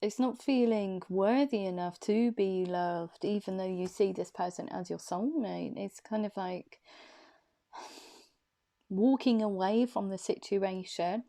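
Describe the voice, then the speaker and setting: A woman with a mellow, warm voice gives an intuitive tarot reading. She talks in a loose, chatty way and stretches her phrases out. Her pitch sits in the middle of the usual female range. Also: gravelly. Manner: chatty, drawn-out, laughs easily. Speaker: tarot reader. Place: room indoors.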